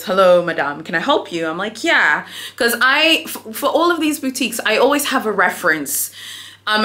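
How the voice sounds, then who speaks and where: A young adult woman telling a shopping story in a casual vlog, chatty and animated, calling viewers "honey", recorded in a hotel room without an external mic. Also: mid-range voice. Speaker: luxury shopping vlogger.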